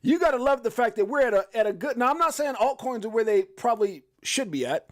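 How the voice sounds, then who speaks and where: A man hosting a casual live stream, excitable and joking, often exclaiming as he runs through prices. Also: very high voice, quick pace. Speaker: crypto live stream host.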